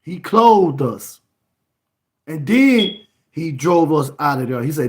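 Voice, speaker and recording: A man preaching with fire, his high voice swinging wildly up and down as he stresses a point. He speaks slowly, repeats himself and now and then breaks into a shout. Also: big pitch swings. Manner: emphatic, repeats words, bursts into shouts. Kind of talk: fiery sermon.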